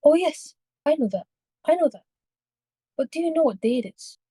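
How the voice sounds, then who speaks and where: A woman's voice: sits high, expressive, moderate pace, mellow, no echo, pitched above the performer's own voice. A woman voicing a frightened old woman who urgently pleads with a traveler in a read-aloud story. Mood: insistent. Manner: urgent, imploring.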